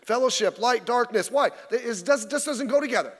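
A man preaches a midweek sermon, his voice sitting notably high for a man. He keeps it folksy and conversational, tossing rhetorical questions at the congregation. The sound rings with a long church-hall reverb. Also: expressive, normal speed. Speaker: pastor.

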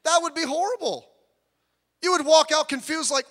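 A man preaching a sermon, telling jokey, animated stories that build up to loud emphasis. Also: very high-pitched, moderate pace, big-room sound. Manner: animated storytelling with jokes, rising to loud emphasis. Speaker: pastor.

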